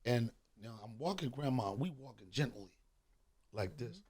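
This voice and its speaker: A man's voice: mid-range voice, expressive, moderate pace, a crowd in the background. A middle-aged man hosting a podcast, telling a profane comic story with lots of animation and acted-out voices. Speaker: podcast host. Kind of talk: comedic storytelling.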